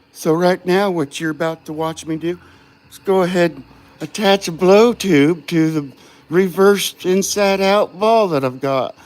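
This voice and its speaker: Give me a booming showman host, as a man puts him on, pitched up and theatrical. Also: darkish tone. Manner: announcer-style showmanship. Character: grand showman host, male, adult.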